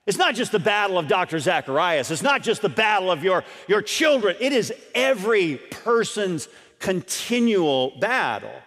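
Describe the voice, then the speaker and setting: A man preaching in an earnest, emphatic way, his voice set high and swinging widely in pitch as he drives his points home. He repeats key lines and turns to the congregation with questions. The sound carries a long reverb, as from a church hall. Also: very animated, normal speed, fairly bright tone. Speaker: pastor. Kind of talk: sermon.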